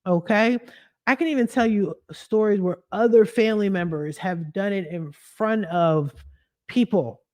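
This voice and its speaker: A woman's voice: mid-range voice, unhurried, darkish tone. A young adult woman hosting a podcast, telling a personal story in a blunt, profane way and laughing often. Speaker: podcast host.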